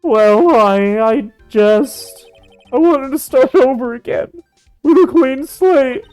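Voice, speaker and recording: A woman's voice: sits high, expressive, slow, a little mellow, no room sound, soft background music, rough recording. A woman voicing a goofy, flustered young man in a game fan dub, stammering and gushing.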